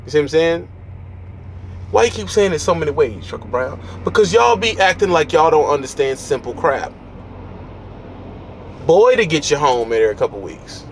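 Blunt, lively trucker man. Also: fairly high pitch, moderate pace, pauses often, slight background noise. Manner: blunt, preachy, street slang. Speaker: trucker vlogger. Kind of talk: blunt advice monologue.

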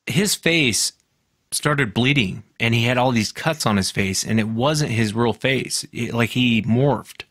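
A man's voice: medium pitch, measured pace, a bit bright, dry recording. Polite man on a dry, close mic. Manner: curious, polite. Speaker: podcast host. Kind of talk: casual interview chat.

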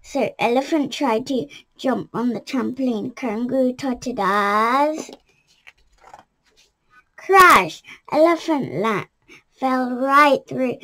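Woman reading a kids' picture book aloud, high voice, slow and careful. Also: expressive, sharp tone. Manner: careful with small restarts. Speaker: storyteller.

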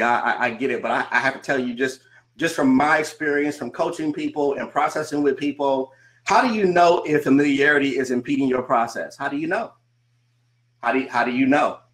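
A man, a coach, giving a motivational talk to a remote audience. He repeats his points and asks the listener rhetorical questions, slowing down to stress key phrases. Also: fairly high pitch, fairly bright tone. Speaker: coach and conference speaker. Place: speaking remotely to a virtual audience.

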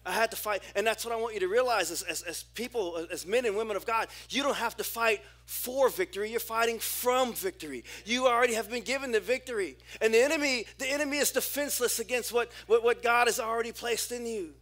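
A man in his forties preaching a sermon as a pastor, telling a personal story in an animated way with frequent restarts. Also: very high voice, fast talker, few pauses. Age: 40s.

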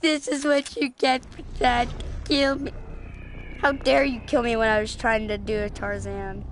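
Giggly high-pitched gamer girl. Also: unhurried, slight background noise. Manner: giggly, excitable, trash-talking. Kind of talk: casual gaming chat.

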